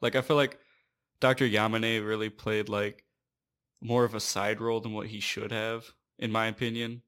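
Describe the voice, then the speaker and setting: A man's voice: lowish voice, little pitch movement, normal speed, fairly bright tone. A man co-hosting a podcast in casual movie chat, easygoing, asking questions and laughing often. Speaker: podcast co-host.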